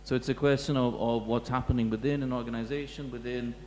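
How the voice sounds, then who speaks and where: A man, a museum curator, giving a reflective talk to an audience, pausing and restarting often. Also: medium pitch, fairly even intonation, a little mellow. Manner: halting, many restarts and fillers, reflective. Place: lecture hall. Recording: echoey hall with faint hum.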